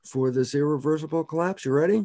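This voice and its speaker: A man's voice: a little high, fast talker, warm tone, no room sound, clean studio sound. An older man being interviewed as a scientist, explaining in an emphatic way, repeating key words and quoting himself.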